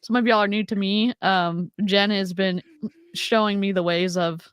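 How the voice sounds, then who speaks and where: A woman's voice: mid-range voice, fairly even intonation, moderate pace, clean tone, no room sound, studio quality. A woman hosting a casual chat on a video call, talking in a chatty way with lots of fillers. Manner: chatty, laughs often, filler-heavy. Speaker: host.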